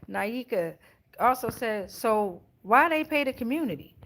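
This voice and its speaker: A woman's voice: on the high side, expressive, normal speed, a bit bright. Laid-back, profane woman streamer. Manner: loose, profane, laughing, street slang. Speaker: tarot livestream host. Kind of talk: casual livestream chat reading comments.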